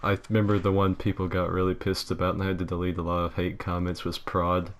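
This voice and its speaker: Man, very low voice, podcast host, swears a lot, joking banter. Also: level tone, quick pace. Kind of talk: casual chat.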